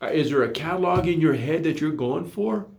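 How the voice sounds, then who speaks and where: A man's voice: a little high, expressive, moderate pace, gravelly, darkish tone. A man preaching a sermon in an earnest, repetitive way, full of rhetorical questions, recorded in an echoey room.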